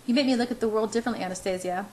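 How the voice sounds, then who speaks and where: A woman reading the lines of an intense, brooding young businessman in a spoken story, in a low, quiet, earnest way. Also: rapid-fire, a little hiss or hum, close to an everyday voice.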